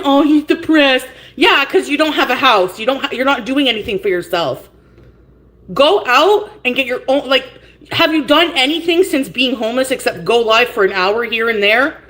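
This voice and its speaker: A woman with a high voice talks on a livestream from her home. She greets viewers in chat by name, then launches into a blunt, cursing, confrontational rant. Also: a bit bright.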